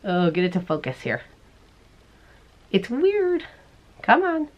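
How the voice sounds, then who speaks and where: A woman hosting a crochet show, chatting casually to the camera in a bubbly way, laughing often and putting on silly squeaky voices. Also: wildly swooping pitch, takes it slowly, highs cut off. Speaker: crochet podcast host.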